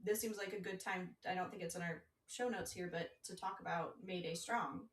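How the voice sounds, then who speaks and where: A woman's voice: lowish voice, fairly even intonation. A woman co-hosting a podcast, chiming in eagerly during casual political discussion. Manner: quick to interject, apologetic. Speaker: podcast co-host. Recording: roomy, distant mic with faint noise.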